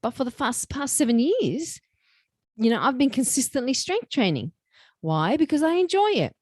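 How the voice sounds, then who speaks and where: Woman, joking solo podcast host, dry close sound, chatty and animated delivery. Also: sits high, normal speed, no echo. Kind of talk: casual solo podcast talk.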